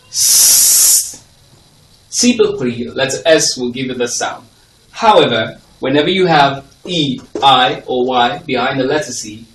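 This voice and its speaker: A man's voice: medium pitch, fairly bright tone. A male teacher giving a phonics lesson to a class. He repeats example words with stress and checks that the class is following. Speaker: English teacher. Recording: echoey room, voice from a distance.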